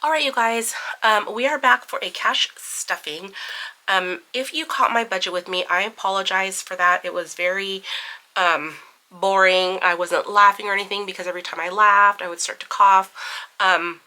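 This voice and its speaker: A woman's voice: medium pitch, normal speed, sharp tone, rough recording. A woman hosting a budgeting channel, talking casually with lots of fillers while counting cash aloud, recovering from bronchitis. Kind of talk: casual chat.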